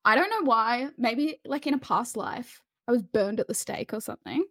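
Woman, podcast co-host, chatty and self-deprecating, a bit high-pitched, dry close mic. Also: lively intonation, normal speed, a bit bright, no echo. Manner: chatty, self-mocking, rambling. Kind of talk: casual chat.

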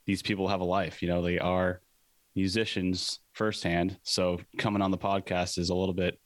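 Deep-voiced, easygoing podcast host, a man. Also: level tone, moderate pace, dry recording. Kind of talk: casual chat.

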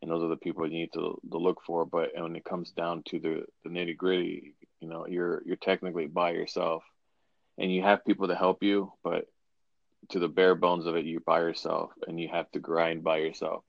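A man's voice: sits low, level tone, moderate pace, creaky, no room sound, highs cut off. A man hosting a casual podcast chat, rambling with frequent restarts. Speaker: podcast host.

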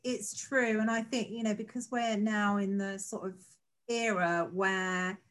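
A woman's voice: mid-range voice, fairly even intonation, a little slow. A woman in casual conversation, agreeable and reflective as she shares her thoughts.

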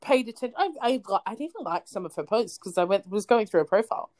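A woman's voice: medium pitch, animated, fast talker, darkish tone. A woman co-hosting a podcast, telling a story in casual chat and often laughing. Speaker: podcast co-host.

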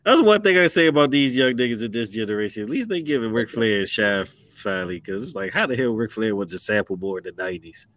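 A man hosting a casual wrestling talk show, animated, slangy and quick to laugh. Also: fairly low pitch, dry recording. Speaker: podcast host. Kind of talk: casual chat.

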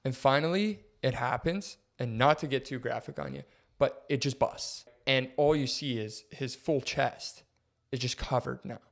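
A man's voice: normal speed, gravelly. A young man co-hosting a podcast, telling a story casually and acting out quotes with big jumps in his voice. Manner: animated, acts out quotes with big pitch jumps. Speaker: podcast co-host.

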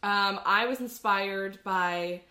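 A woman's voice: medium pitch, slow pace, pushed and bright. A woman co-hosting a podcast in casual chat, explaining where phrases come from, with lots of fillers. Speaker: podcast co-host. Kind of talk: casual chat sharing trivia.

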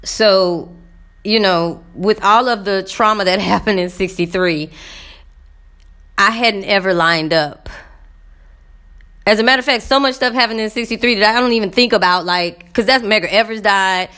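A woman's voice: mid-range voice, normal speed, bright, forceful tone. A woman vlogger casually recounting a visit, rambling and talking straight to her viewers with frequent fillers.

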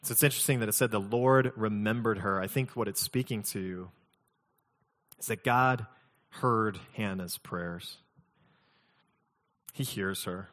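Male pastor, low voice, relaxed conversational preaching with light humor, long hall reverb. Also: moderate pace. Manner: conversational, mixes scripture reading with humorous personal stories. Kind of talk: sermon.

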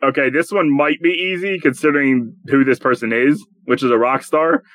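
A man's voice: mid-range voice, moderate pace, fairly bright tone, no room sound. A man hosting a podcast, reading quotes aloud in a casual quiz chat and chuckling often.

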